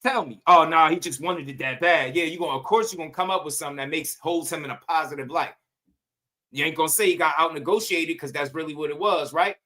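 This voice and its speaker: A man with a high, bright voice rants in casual boxing commentary. He talks in loose slang, swears freely and fires off one rhetorical question after another. His tone stays heated and combative throughout. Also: quick pace.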